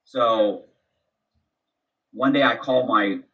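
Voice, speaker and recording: A man's voice: mid-range voice, slow. A man guest in an interview, casually retelling a story with quoted dialogue and frequent restarts. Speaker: podcast guest. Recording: distant, dull lo-fi sound.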